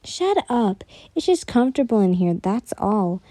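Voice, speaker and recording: A woman's voice: medium pitch, sing-song, measured pace, dark tone, no room sound. A woman voicing a hot-tempered young fighter with cat ears who swears and turns flustered and defensive, in a whispered role-play.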